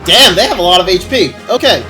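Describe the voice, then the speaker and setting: A man streaming a video game and chatting casually with viewers, excitable and gushing, laughing often. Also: high voice, fast. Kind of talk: casual gameplay stream chat. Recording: faint game music behind.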